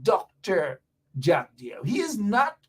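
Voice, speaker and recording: A man's voice: high-pitched, wildly swooping pitch, slow, breathy edge. A middle-aged man hosting a political talk radio show, emphatic and sarcastic, hammering the same words over and over. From Guyana.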